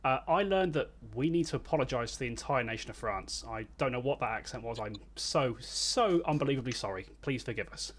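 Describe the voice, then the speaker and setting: A man's voice: medium pitch, expressive, brisk, few pauses, a bit bright. Self-deprecating man co-hosting. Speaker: co-host. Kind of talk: casual online show chat.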